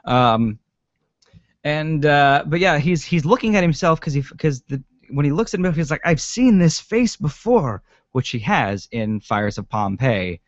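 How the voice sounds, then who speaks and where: A man's voice: on the high side, animated, normal speed, dry recording. A man co-hosting a casual podcast chat about a TV episode, rambling with lots of ums and swearing. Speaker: podcast co-host. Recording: dry, dull lo-fi sound.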